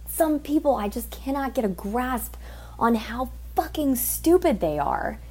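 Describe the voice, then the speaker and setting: A woman's voice: expressive, normal speed, vocal fry, warm tone. A woman telling a story about her work as an exotic dancer in a casual monologue, swearing often and sounding fed up. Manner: profane, exasperated, swearing often; ranting with sudden pitch jumps.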